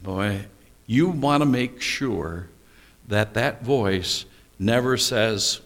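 Male pastor, sermon, slow deliberate pace, rhetorical questions, anecdotes. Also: fairly low pitch, a bit bright. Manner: storytelling with rhetorical questions and asides.

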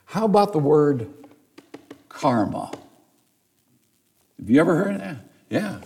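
A male pastor preaching a sermon, emphatic, with rhetorical questions and dramatic pauses. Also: mid-range voice, very animated, vocal fry, darkish tone, breathy edge.

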